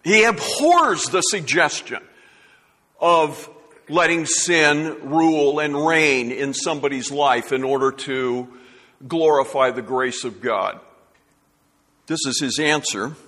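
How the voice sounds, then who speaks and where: A male pastor preaches slowly and deliberately, with a fairly high voice. He speaks with earnest emphasis and often restarts a phrase while building his point. His voice carries a long reverb, as in a large church hall. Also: sharp tone. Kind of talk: sermon.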